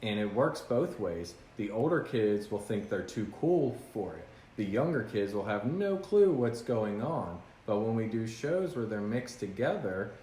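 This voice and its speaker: A man's voice: on the low side, warm tone. A man hosting a podcast in casual chat, earnest and reflective, with frequent ums and uhs. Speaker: podcast host. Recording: roomy sound with faint noise.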